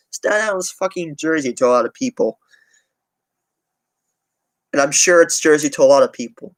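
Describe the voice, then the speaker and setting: A man's voice: a little high, brisk, no room sound. Rambling, profane young New man. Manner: rambling, heavy swearing, restarts. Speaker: transit channel streamer. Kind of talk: casual livestream chat.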